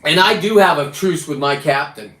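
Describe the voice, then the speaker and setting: A man hosting a livestream, ranting casually and combatively with a lot of swearing, his pitch and volume jumping around. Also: normal speed, fairly bright tone, roomy sound, low-quality recording. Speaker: livestream host. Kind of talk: casual profane rant.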